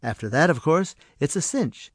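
A man voicing a small mysterious stranger who speaks softly and patiently. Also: a little high, animated, moderate pace, husky, dry recording, studio quality, voice pushed up. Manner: soft, patient and coaxing. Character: small mysterious male stranger, gentle and knowing.

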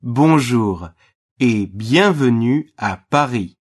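A man voicing model phrases for a language course with careful, deliberate enunciation. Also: mid-range voice, lively intonation. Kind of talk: slow model pronunciation.

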